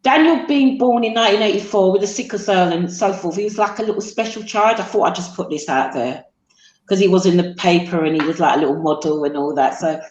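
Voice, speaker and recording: A middle-aged woman, a guest on a talk show, tells her son's story haltingly with many fillers. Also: mid-range voice, darkish tone, highs cut off. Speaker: guest, mother of a man with sickle cell. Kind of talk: emotional interview storytelling. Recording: roomy echo.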